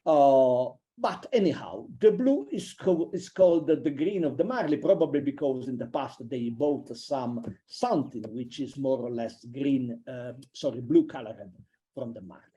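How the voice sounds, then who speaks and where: A man giving an online university lecture, halting and thinking aloud with many fillers and restarts. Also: medium pitch, lively intonation, mellow, slightly rough, highs cut off. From Italy. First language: a regional language between France and Italy.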